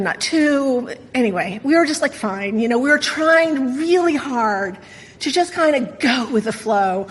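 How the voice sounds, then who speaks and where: A woman's voice: sits high, big-room sound, low-quality recording. A middle-aged woman sharing a personal story at a recovery meeting, wry, candid and self-mocking.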